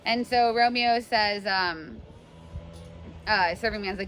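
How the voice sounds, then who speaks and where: A woman's voice: medium pitch, brisk, a bit bright. A young woman teaching a class, explaining a play casually and paraphrasing its lines in modern slang, recorded in a classroom.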